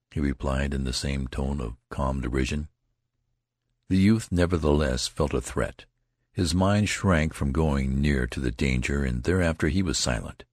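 Male audiobook narrator, very deep voice, husky, measured storytelling. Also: no room sound, studio quality. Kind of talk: scripted narration of a classic novel.

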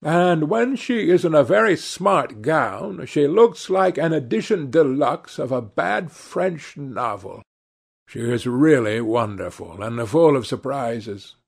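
A man's voice: fairly high pitch, lively intonation, slow, creaky, husky, pitched above the performer's own voice, exaggerated voice. A man doing a languid, cynical aristocrat. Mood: amused. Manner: dry, drawling wit.

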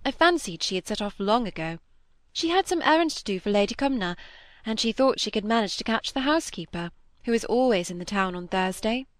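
A woman's voice: medium pitch, animated, brisk, dry recording, close to an everyday voice. A woman reading aloud, voicing a witty, teasing young woman with an arch, playful manner. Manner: arch, playful, lightly scornful.

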